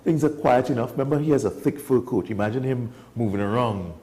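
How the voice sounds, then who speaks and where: A man talks in a casual studio chat, animated and emphatic. His pitch sits mid-range and he jumps up high when making a point. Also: fairly quick. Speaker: wildlife guest.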